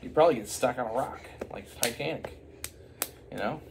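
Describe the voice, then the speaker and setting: A man's voice: mid-range voice, a little fast, creaky, noisy background, lightly acted. A man as casual, slangy pirate crew. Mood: wry. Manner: slangy, casual "you know" talk. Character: laid-back modern pirate crew, casual and sarcastic.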